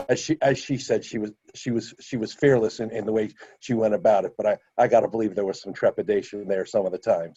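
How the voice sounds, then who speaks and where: A man, a guest on a book discussion, giving a thoughtful, halting reflection that stumbles over its words. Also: fairly low pitch, warm tone, husky, no echo, lo-fi sound. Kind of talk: casual spoken reflection.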